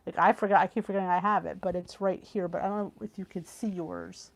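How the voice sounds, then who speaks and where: A woman's voice: on the low side, fairly even intonation, fast talker. A chatty middle-aged woman hosting a live cooking stream from home over a video call. She reads viewer comments aloud, gasps and trails off mid-thought, and sounds tired and yawny from the heat. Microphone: computer on a video call.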